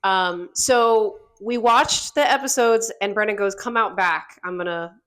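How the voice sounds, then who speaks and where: A woman in her thirties tells a story on a podcast with lots of energy. She laughs easily and acts out what people said. Her voice sits at an ordinary middle pitch. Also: a little slow, smooth. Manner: animated, laughs often, acts out quotes. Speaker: podcast guest. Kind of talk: casual storytelling chat.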